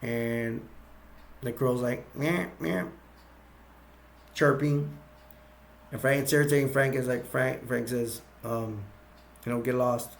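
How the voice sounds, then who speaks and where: Rambling gravelly man retelling a movie. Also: mid-range voice, flat delivery, slight background noise. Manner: rambling, filler-heavy, halting. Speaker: movie recap youtuber.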